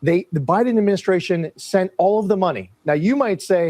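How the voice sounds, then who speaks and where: Brisk indignant man, fairly high voice. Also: darkish tone, no echo. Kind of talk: news interview.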